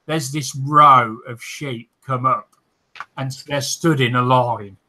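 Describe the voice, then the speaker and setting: A man hosts a relaxed livestream, taking his time as he reads out viewer comments. His talk is full of fillers and small restarts, and he often breaks into laughter. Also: medium pitch, takes it slowly, poor audio. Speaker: host of a modelling livestream. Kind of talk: casual chat, reading out viewer comments.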